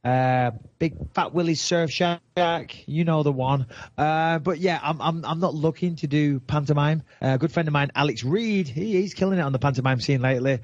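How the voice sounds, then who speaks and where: An English man co-hosts a podcast in casual, teasing banter. His voice sits a little high for a man. The sound is dry and dull, like a lo-fi recording. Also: moderate pace, dry recording. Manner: joking, teasing, easygoing. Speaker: podcast co-host.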